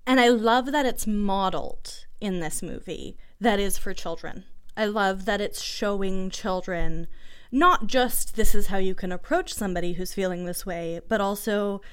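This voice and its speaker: A woman's voice: medium pitch, normal speed, smooth. A young woman, a mother, talking in a casual chat in an earnest, emotional way, often repeating herself.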